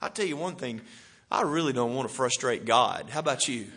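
A middle-aged man preaching a sermon, swinging from loud bursts to hushed asides. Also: mid-range voice, animated, brisk, slight background noise.

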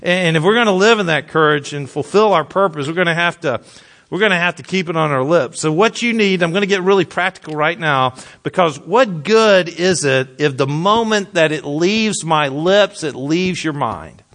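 A man's voice: on the high side, lively intonation, moderate pace. A man preaching a sermon in a conversational way, repeating phrases and speaking straight to his listeners. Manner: mutters scripture quietly. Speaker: pastor.

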